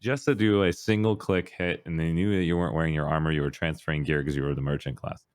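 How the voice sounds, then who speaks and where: Podcast guest, male, very low voice, lively storyteller who bursts into impressions, dry close sound. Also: quick pace, dry recording. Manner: animated storyteller, acts out voices with big pitch jumps. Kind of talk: casual chat.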